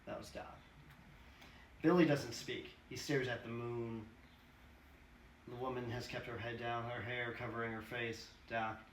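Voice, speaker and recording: A man's voice: mid-range voice, flat delivery, a little slow, pauses often, a bit bright. Man reading a screenplay aloud. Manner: casual asides, swearing. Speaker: reader. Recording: roomy, distant mic, faint hiss.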